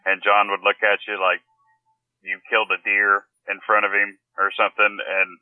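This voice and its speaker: Co-host, man, lower voice, very bright and forceful tone, loose banter. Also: completely flat delivery, moderate pace, no echo, rough recording. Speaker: podcast co-host. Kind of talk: casual interview chat.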